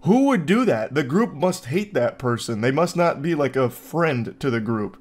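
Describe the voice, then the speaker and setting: A man giving reaction commentary in a sarcastic, incredulous tone, often jumping into exaggerated high quips. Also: sing-song, normal speed, darkish tone. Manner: sarcastic, incredulous, mock-puzzled. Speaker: online commentator.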